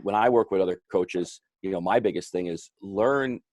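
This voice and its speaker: A man with a low voice talks as a youth hockey coach on a podcast. He rambles and restarts his sentences as he goes. The recording is dry and close. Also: normal speed, darkish tone, no echo. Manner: rambling, many restarts and fillers. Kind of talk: casual podcast discussion.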